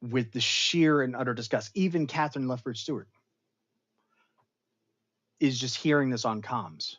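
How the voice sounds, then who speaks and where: A man hosting a casual pop culture show, retelling a TV episode in an animated, rambling way with big jumps in pitch and loudness. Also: moderate pace, muffled recording. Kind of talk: casual episode recap livestream.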